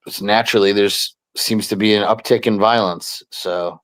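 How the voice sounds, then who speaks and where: A man with a very low voice talks through a casual podcast chat. He is relaxed and halting, full of fillers and restarts. The recording is dry and close. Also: clean tone, no echo. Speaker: wrestling promoter, show regular.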